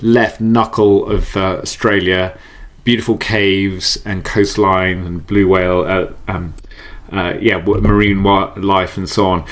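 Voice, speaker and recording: A middle-aged man talks in a casual, animated way, often laughing. His voice sits a little low. He doubles words when he restarts a thought. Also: a little slow. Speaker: podcast guest, entrepreneur. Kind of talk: casual interview chat.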